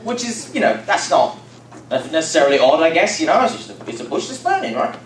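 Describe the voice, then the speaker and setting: A young man with a higher voice tells a Bible story to a youth group in a rambling, laughing, filler-heavy way. The recording catches him from a distance in a reverberant church room. Steady noise runs underneath. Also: fairly quick. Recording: echoey room from far off, noisy.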